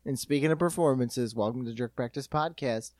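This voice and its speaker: A man's voice: medium pitch, darkish tone, no room sound. A man co-hosting a comedy podcast, rambling and jokey in casual chat. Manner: rambling, jokey, quick asides. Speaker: podcast co-host.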